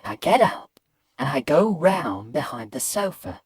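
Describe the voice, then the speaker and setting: A woman animatedly telling a comic childhood story, shifting from hushed asides to loud excited bits. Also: low voice, unhurried, husky, no room sound, studio quality. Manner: lively, swings between hushed and loud bits.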